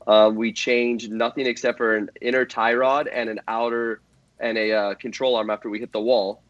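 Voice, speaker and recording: A man's voice: mid-range voice, level tone, normal speed, dry recording. Guy rambling earnestly on a podcast, lots of ums, dry dull lo-fi sound. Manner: rambling, earnest, many fillers and restarts. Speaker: guest drift driver. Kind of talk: casual podcast chat.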